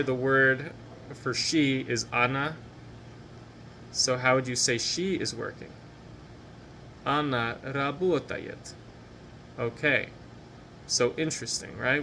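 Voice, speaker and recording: A male teacher talks his listeners through a recorded language lesson with a bright, clear tone. He takes his time, repeating every phrase slowly and cheering the learners on. A faint hum sits under the recording. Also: medium pitch. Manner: patient, slow drilled repetitions of each phrase; encouraging.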